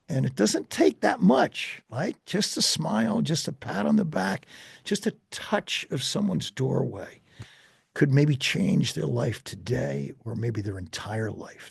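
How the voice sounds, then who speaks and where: A man who is a life coach and a guest, telling an animated story with repeated restarts in a gravelly, husky voice. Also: mid-range voice, dry recording, studio quality. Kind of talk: storytelling in a conversation.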